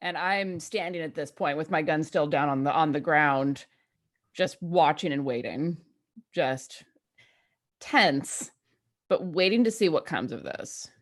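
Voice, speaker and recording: A woman playing a tabletop horror game, speaking in a tense, steady, deliberate way. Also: deep voice. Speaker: player.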